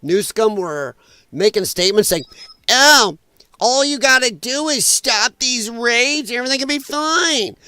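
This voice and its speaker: A man's voice: high-pitched, no room sound. A middle-aged man hosting a political livestream, ranting angrily with heavy profanity in casual commentary. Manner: angry, profane, emphatic ranting.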